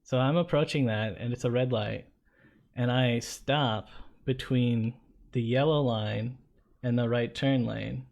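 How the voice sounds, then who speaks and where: Male co-host, chatty anecdote-teller, average pitch, casual tone. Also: measured pace, vocal fry. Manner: animated anecdote-teller, conversational. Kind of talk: casual storytelling chat.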